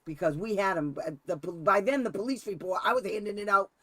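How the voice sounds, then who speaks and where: A special education advocate hosts a casual talk, animatedly telling a story, laughing often and acting out the quotes himself. His voice is high and a little fast, with a crowd audible in the background.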